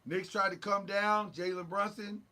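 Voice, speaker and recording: A man hosting a casual sports talk show, recapping games in an animated, joking way with sound effects. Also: high voice, moderate pace.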